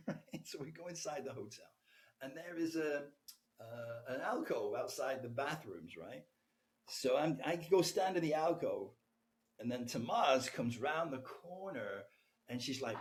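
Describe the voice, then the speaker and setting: Animated man telling a candid story. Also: mid-range voice, unhurried. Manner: animated, keeps asking "right?". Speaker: podcast guest.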